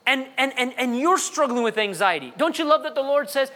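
Bright-voiced preacher man in a hall. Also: very high-pitched, animated, a little fast, hardly any pauses. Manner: jokey, repeats words, reads funny kids' prayers. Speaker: pastor. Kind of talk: sermon.

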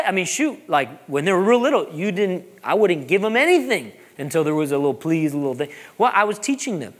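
A man, a pastor preaching a sermon, animated and joking, repeating phrases for emphasis. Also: sits high, fairly quick, hardly any pauses.

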